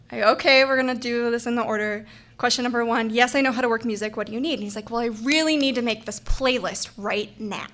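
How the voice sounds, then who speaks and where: A young woman telling a funny personal story on stage, animated and laughing, acting out the voices of the people in it. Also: on the high side. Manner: animated, acts out quoted voices, laughs often.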